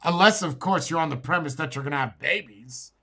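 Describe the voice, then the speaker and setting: A man's voice: a little high, a little fast, fairly bright tone. A man co-hosting a casual talk show, blunt in his opinions, who repeats words and stammers as he tells a long story.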